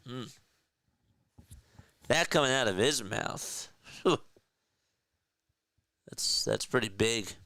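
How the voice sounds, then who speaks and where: Casting note: male play-by-play streamer, easygoing and chatty with viewers, smooth voice recorded dry. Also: medium pitch, lively intonation, slow pace, pauses often, sharp tone, no room sound. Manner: casual, chats with viewers between plays. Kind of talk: live play-by-play commentary.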